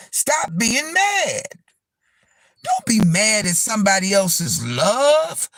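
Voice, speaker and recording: A man hosting a live stream, giving a casual, preachy rant to his viewers, swearing freely and dropping gospel phrases, swinging between shouts and low asides. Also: gravelly, dry recording. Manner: uses profanity and gospel phrases. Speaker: livestream host.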